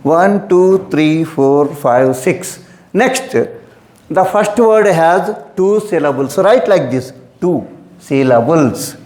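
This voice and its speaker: A man's voice: a little high, darkish tone, roomy sound. A man teaching an English exam lesson who repeats his instructions and calls his students "my dear".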